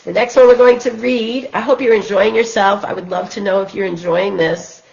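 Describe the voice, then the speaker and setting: A woman hosting a children's storytime, reading picture books aloud in a gentle, expressive way. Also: mid-range voice, moderate pace, vocal fry, lo-fi sound. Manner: gentle, expressive, sing-song. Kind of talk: picture book read-aloud for toddlers.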